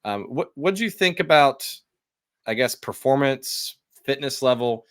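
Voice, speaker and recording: A man's voice: medium pitch, expressive, a little slow, fairly bright tone, no room sound, studio quality. A man co-hosting a soccer podcast, recapping a match in an upbeat way and asking his co-host questions, with many fillers. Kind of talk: casual sports chat.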